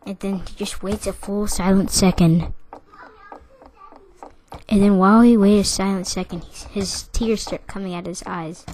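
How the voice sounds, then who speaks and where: A woman's voice: mid-range voice, fairly even intonation, normal speed, dark tone, a little hiss or hum. A young woman casually telling a story about school, rambling with lots of "like" and restarts. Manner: rambling, full of "like" and restarts, with bursts of laughter.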